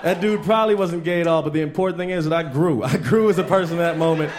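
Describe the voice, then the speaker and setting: High-voiced man doing stand-up. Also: fast. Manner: storytelling, animated, mimics people in high voices. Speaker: stand-up comedian. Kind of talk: stand-up comedy set.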